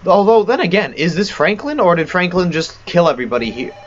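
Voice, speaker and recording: A man's voice: high voice, sing-song, fairly quick, hardly any pauses, highs cut off, a little hiss or hum. A man giving rambling, self-mocking let's play commentary on a horror game. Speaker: gamer.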